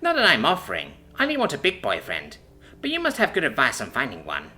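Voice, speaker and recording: A man voicing an eager young alien woman, bubbly, blunt and excitable, in a raised voice. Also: fast talker, soft background music, heavily acted. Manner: bubbly, excitable, high-pitched. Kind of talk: audiobook character voice.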